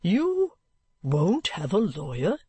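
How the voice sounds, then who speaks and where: A reader voicing a kindly, excitable older gentleman who speaks slowly and earnestly. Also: medium pitch, husky, no echo, heavily acted. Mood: urging.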